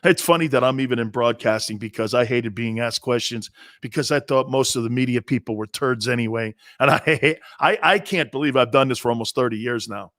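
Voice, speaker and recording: A man's voice: mid-range voice, a little fast, few pauses, fairly bright tone, dry recording, clean studio sound. A man in his fifties hosting a sports talk show, telling stories in a blunt, fired-up way, often repeating himself and cutting in with asides. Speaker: sports radio host. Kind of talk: opinionated talk-show monologue.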